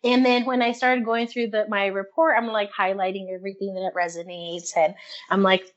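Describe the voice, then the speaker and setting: A chatty young woman speaks in a middle-pitched voice, running her sentences together with many fillers. She breaks into laughter and acts out her own inner voice as she tells it. The sound is dull and lo-fi. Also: flat delivery, normal speed. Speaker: guest. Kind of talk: casual interview chat.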